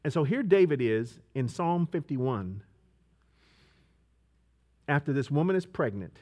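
A man preaching a sermon, moving between quiet storytelling and loud, emphatic preaching with repeated rhetorical questions. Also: a little high, animated, a little slow.

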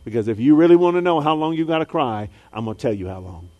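A man preaching a sermon, dropping low and soft, then rising high and loud, and acting out the voices of people in his stories. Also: sing-song, fast, lo-fi sound. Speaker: pastor.

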